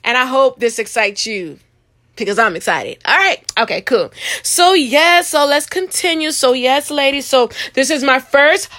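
High-voiced energetic Christian woman podcaster. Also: moderate pace. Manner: energetic, preachy, call-and-response asides. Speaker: podcast host. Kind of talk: casual Christian podcast talk.

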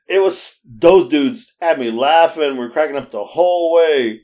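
A man in a relaxed podcast chat tells his stories with plenty of laughter and a slightly raised pitch. He swears freely, restarts his sentences and acts out the voices of the people he quotes. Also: fairly quick, few pauses. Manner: animated, laughing storyteller with frequent restarts. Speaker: podcast co-host. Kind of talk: casual storytelling chat.

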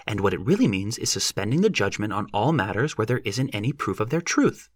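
A man's voice: on the low side, very animated, a little fast, slightly rough. A man voicing a clever, impish young woman who talks in a provocative, knowing way. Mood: teasing.

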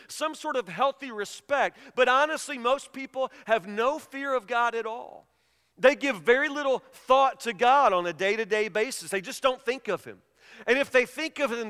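A middle-aged man preaching a sermon as a pastor, telling stories emphatically and swinging between hushed and loud delivery. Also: extremely high pitch, clear, resonant tone. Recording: long reverb of a large hall.

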